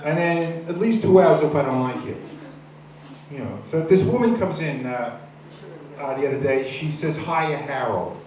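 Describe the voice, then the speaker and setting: A man doing a stand-up comedy set, telling crude stories in a rambling, deadpan way with many restarts. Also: fairly high pitch, normal speed. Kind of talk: stand-up set at an open mic. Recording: echoey room, far from the mic, noisy.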